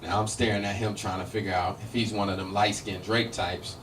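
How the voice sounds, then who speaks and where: A man's voice: fairly low pitch, level tone, brisk, fairly bright tone. Man doing stand-up, distant club sound. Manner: acts out quoted lines in story jokes. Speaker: stand-up comic. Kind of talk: stand-up storytelling. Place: comedy club. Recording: distant club mic with faint noise.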